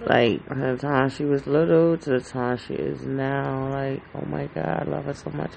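A man's voice: medium pitch, fairly even intonation, normal speed, gravelly, a little mellow, a little hiss or hum, poor audio. A man hosting a casual solo podcast from home, rambling in an anxious, heartfelt way with lots of fillers and swearing. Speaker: podcast host.

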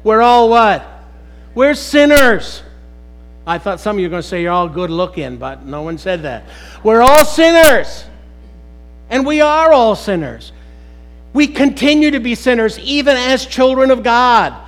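High-voiced man preaching with rising emphasis. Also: animated, normal speed, rough recording. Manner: rhetorical questions to the congregation, rising to emphatic exclamations. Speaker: pastor. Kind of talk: sermon.

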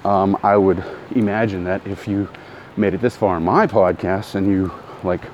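A middle-aged man with a fairly low voice talks through his podcast while walking outside. He rambles, restarts sentences and breaks off to greet people. Traffic and street noise sit clearly behind him. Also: steady tone, normal speed, darkish tone. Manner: rambling, self-correcting, greets passersby. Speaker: podcast host. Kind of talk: casual walking podcast monologue. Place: outdoors in a town, walking. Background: traffic and street sounds.

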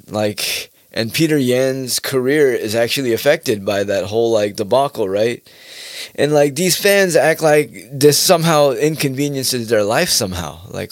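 A man's voice: mid-range voice, lively intonation, moderate pace, dry recording, studio quality. A man ranting casually in a rambling, profane monologue, often laughing at his own points.

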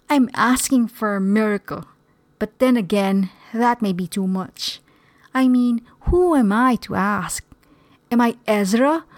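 A woman's voice: a little high, dry recording. A woman reading the part of a troubled young man who prays for a sign, in an anxious, doubting voice.

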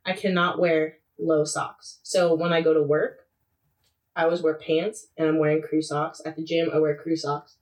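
A young woman chatting casually as a podcast co-host. She tells stories with lively asides and breaks into laughter often. Her voice sits a touch distant from the microphone. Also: low voice. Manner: animated storytelling, laughs often, quick asides. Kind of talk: casual chat.

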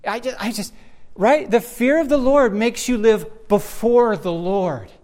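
A man's voice: high voice, measured pace, a little mellow. A man leading a conversational Bible discussion, speaking earnestly and searchingly, often restarting his sentences as he looks for words. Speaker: Bible teacher.

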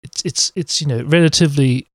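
A man's voice: fairly high pitch, a little fast, no room sound, studio quality. A man co-hosting a podcast, chatting in a blunt, jokey way, often trailing off and repeating himself. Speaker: podcast co-host. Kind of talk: casual chat.

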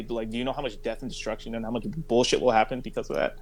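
A man of ordinary pitch chats casually, rambling and stumbling over restarts as he goes. A faint hum sits under his voice. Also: flat delivery, rough recording. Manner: rambling, halting, full of restarts and "like". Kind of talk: casual chat.

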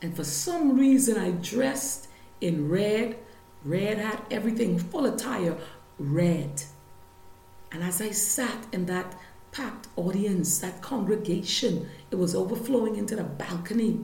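A woman preaching a sermon, telling her healing testimony and reading scripture with slow emphasis. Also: medium pitch, animated, creaky, dark tone, echoey room, slight background noise, rough recording.

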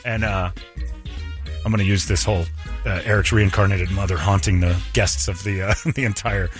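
A male radio host, ranting and joking loudly in casual banter with his co-hosts. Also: low-pitched, steady tone, normal speed, soft background music.

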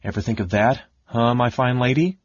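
A man's voice: mid-range voice, normal speed, no echo, close to an everyday voice. A man voicing a big, brawny male warrior who talks in a surly, snapping, self-pitying way. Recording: dull lo-fi dry audiobook recording.

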